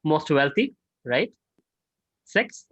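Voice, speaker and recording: A man's voice: on the high side, very slow, slightly rough, no room sound. A man teaching an online scripture class, telling stories and asking his students questions. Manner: animated, conversational, asks the class questions. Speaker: spiritual teacher. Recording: dull dry online audio.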